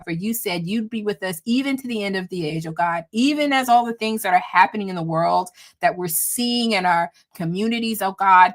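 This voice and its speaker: A woman hosting a livestream, leading a fervent spoken prayer and blessing for her viewers, coming back again and again to "oh God", emotional and close to tears, with a light lilt. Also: medium pitch. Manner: fervent, repeats "oh God" between phrases. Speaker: livestream host.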